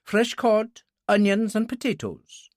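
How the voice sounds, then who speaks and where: A man voicing a brisk, motherly Highland landlady with a Scottish Highland accent, in an audiobook. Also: lively intonation, darkish tone, dry recording, studio quality. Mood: teasing. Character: warm-hearted Highland landlady, sharp-tongued.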